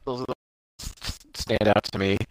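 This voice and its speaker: A man's voice: fairly low pitch, moderate pace, no room sound, poor audio. A man co-hosting a casual podcast, giving his opinions on a TV show in a chatty way. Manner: animated, chatty, offers opinions. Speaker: podcast co-host. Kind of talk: casual episode discussion.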